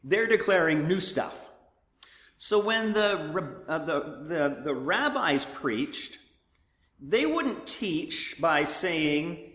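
A man's voice: fairly high pitch, a little slow. A man giving conversational Bible teaching in sermon style, often restarting his sentences. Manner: animated, conversational, with frequent restarts. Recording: echoey hall.

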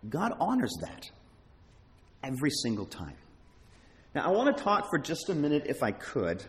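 Animated preacher in a reverberant hall. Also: male voice, fairly high pitch. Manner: animated, emphatic, halting restarts. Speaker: pastor. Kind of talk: sermon.

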